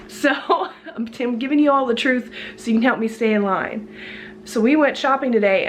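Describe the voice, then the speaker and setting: A woman's voice: a little high, a little hiss or hum. A woman with a congested voice, chatty and laughing often, filming a casual grocery haul vlog at home. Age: adult student with a job. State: sick, congested voice. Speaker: vlogger. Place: at home, kitchen.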